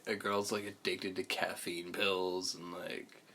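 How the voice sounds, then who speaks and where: A man's voice: low-pitched, little pitch movement, a little slow, pushed and bright, a little hiss or hum. A young man hosting a podcast in casual chat, rambling and swearing often, losing his train of thought. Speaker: podcast host.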